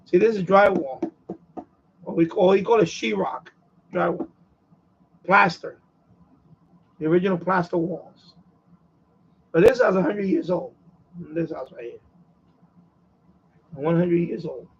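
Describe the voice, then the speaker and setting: A man's voice: high-pitched, unhurried, creaky, long pauses, slightly rough, lo-fi sound. A man with a New York accent chatting casually and repetitively on his radio hobby live stream. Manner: repetitive, conversational, chuckles often. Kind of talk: casual rambling chat.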